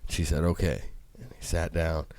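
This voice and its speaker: A man with a very low voice chats casually on a podcast. He tells stories with energy and slips into the voices of the people in them. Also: normal speed, dry recording. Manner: animated storyteller, acts out quotes. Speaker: podcast co-host. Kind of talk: casual chat.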